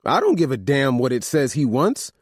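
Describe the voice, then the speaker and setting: A man's voice: medium pitch, big pitch swings, moderate pace, dry recording, clean studio sound, voice pushed up. A man reading an audiobook, voicing a blunt brother who pushes back against the family decision. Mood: defiant. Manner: blunt, defiant. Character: defiant grown brother, man.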